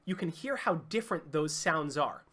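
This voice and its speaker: A singing coach giving an online vocal lesson, explaining clearly and demonstrating sounds. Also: mid-range voice, lively intonation, moderate pace, a bit bright.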